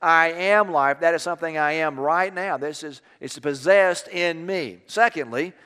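A man preaching a sermon, easing from a quiet personal story into emphatic preaching. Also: a little high, a little slow, smooth, long reverb tail. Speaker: pastor.

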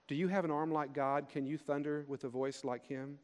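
A man preaching a sermon in an earnest way, rising for emphasis and slowing on key phrases. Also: medium pitch, a little mellow. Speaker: pastor. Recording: long hall reverb.

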